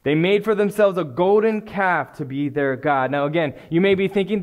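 A male preacher with a fairly high voice delivers a sermon. He is earnest, circles back to the same phrases, and presses his listeners with direct questions. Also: normal speed, few pauses. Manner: earnest, repeats phrases and asks pointed questions.

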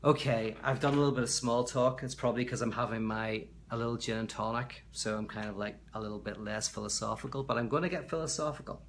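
A man's voice: mid-range voice, fairly even intonation, fast, few pauses, slight background noise. Chatty man livestreaming. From Belfast, Northern Ireland. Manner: rambling and chatty, reading out viewer comments. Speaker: livestream host. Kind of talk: casual livestream chat. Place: at home, indoors.

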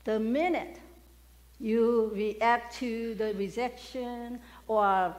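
Slow, emphatic woman preacher. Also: on the high side, fairly even intonation, darkish tone. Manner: questions the congregation, emphatic call-and-response. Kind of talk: sermon.

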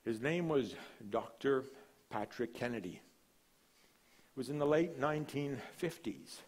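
A man preaching a sermon with a mid-range voice, building to proclaimed lines and then dropping almost to a hush. He tells stories in a relaxed, conversational way between the big statements. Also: medium pitch, slow, slightly rough. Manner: dramatic preaching with sudden drops to a hush; storytelling, relaxed asides. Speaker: guest speaker, missionary.

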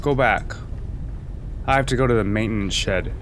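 A man doing let's play commentary, loud and cursing as he yells at the game. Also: fairly low pitch, moderate pace, slight background noise. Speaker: gaming video host. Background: game music and sounds.

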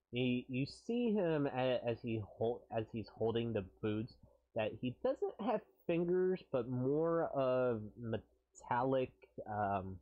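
A man narrating a tabletop game as game master on a live stream, halting, with many fillers and casual swearing. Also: on the low side, muffled recording.

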